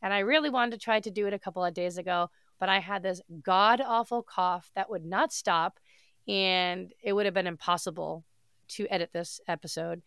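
A woman's voice: medium pitch, normal speed, a bit bright, smooth, no echo, clean studio sound. A woman hosting her own podcast, talking alone in an upbeat, gushing way, her voice nasal from a stuffy head cold. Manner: upbeat, gushing, casual with mild swearing. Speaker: podcast host. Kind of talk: solo podcast monologue.

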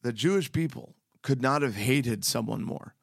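A man's voice: mid-range voice, normal speed, gravelly, dry recording, clean studio sound. A man giving a casual, earnest devotional talk as a preacher, with slangy, emphatic asides.

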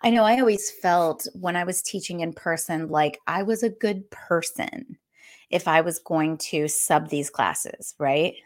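A woman's voice: on the low side, a little slow. A woman who is a group fitness instructor, giving a candid, conversational motivational talk and speaking straight to her listeners. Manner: warm, candid, addresses listeners directly as y'all; laughs between points, conversational.

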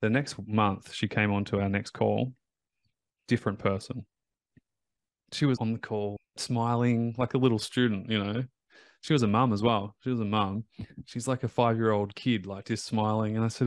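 A man's voice: fairly low pitch, fairly even intonation, moderate pace, dry recording. A man hosting a podcast as a recovery coach, talking in an emphatic, motivational way and repeating his key phrases.

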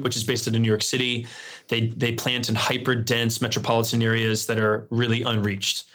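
A man, a pastor telling his story in a relaxed, earnest interview. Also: mid-range voice. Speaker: lead pastor, guest. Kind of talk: conversational interview.

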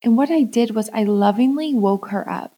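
A young adult woman hosting a podcast, talking in a soft, calm, unhurried way about a gentle morning routine. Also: fairly high pitch, husky. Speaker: podcast host, self-love coach. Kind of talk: gentle reflective monologue.

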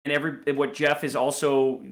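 A man co-hosting a sales coaching podcast, explaining points in a measured, teacherly way. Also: mid-range voice, level tone. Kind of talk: casual podcast chat.

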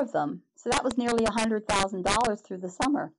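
Brief: middle-aged woman guest, mid-range voice, animated storytelling full of restarts, noisy recording. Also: medium pitch. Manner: animated, halting with restarts and acted-out reactions. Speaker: podcast guest. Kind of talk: personal storytelling. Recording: noticeable background noise.

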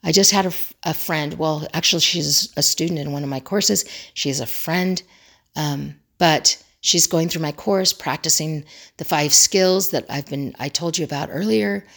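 A crisis communication trainer gives a motivational teaching talk, earnestly repeating her key phrases for emphasis. She has a low, fairly bright-toned voice and speaks at a moderate pace.

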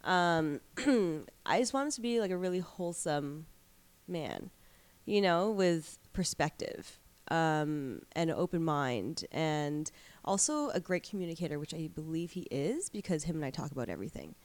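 A woman's voice: low-pitched, big pitch swings, moderate pace, a little mellow. A woman in her thirties in a casual chat as a guest, telling stories with lots of likes and you-knows. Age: 30s. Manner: chatty storyteller, many likes and you-knows.

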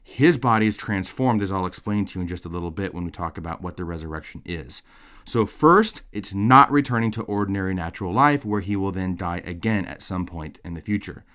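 A course lecturer with a low-pitched, slightly bright voice speaks fairly quickly in a recorded theology lecture. His style is conversational, and he frequently checks in with "okay?" and "right?".

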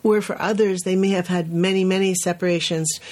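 A woman's voice: on the low side, fairly quick. A woman who teaches at a preschool, co-hosting a podcast and telling a story in casual conversation, acting out the quoted voices and often restarting her sentences. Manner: animated, acts out the quoted voices of others; frequent restarts and "you know" fillers.

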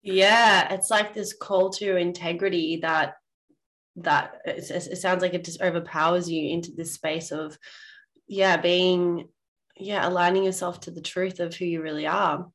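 A woman's voice: fairly low pitch, fairly even intonation, a little slow, fairly bright tone. A woman hosting a casual interview, who reflects on and affirms what her guest says. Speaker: podcast host.

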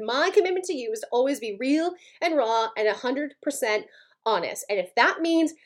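A woman with a high voice hosts a motivational podcast and lays things out bluntly. She speaks with worked-up intensity and keeps checking in with her listeners through quick "okay?" and "right?" tags. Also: animated. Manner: blunt, emphatic, frequently asks "okay?" and "right?". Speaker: podcast host.

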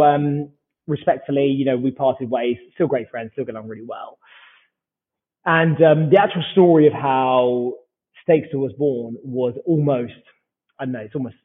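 A man's voice: mid-range voice, breathy edge. A British man in his forties, a startup founder, telling stories in a casual interview and acting out the dialogue as he goes. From United Kingdom. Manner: animated anecdotal storyteller who acts out dialogue. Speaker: startup founder, podcast guest. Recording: tinny phone-like line.

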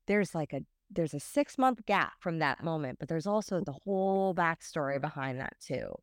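A woman hosting a podcast, coaching her guest in an encouraging, measured way. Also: low voice, animated, no room sound, studio quality. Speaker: podcast host and communication coach. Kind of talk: coaching interview.

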